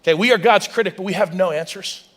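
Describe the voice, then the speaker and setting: High-voiced guy preaching, keeps restarting, reads verses, gets loud when he pushes a point. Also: fast. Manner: animated preaching, many restarts, reads scripture aloud. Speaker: pastor. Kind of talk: sermon.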